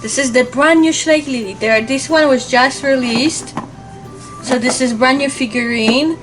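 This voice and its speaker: A woman's voice: high voice, a little slow. A young mother chatting casually with her child at home, asking simple questions and encouraging the answers. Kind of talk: casual teaching chat with a child. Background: background music.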